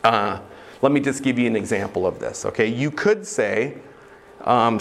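A man's voice: medium pitch, animated, a little slow, a little hiss or hum. A man preaching a sermon in a conversational, self-deprecating way, with frequent hesitations. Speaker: pastor.

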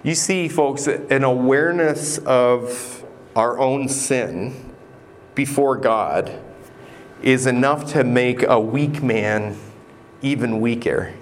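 A man preaching a sermon in a slow, deliberate way, pausing often and repeating words for emphasis. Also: mid-range voice, a little hiss or hum. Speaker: pastor.

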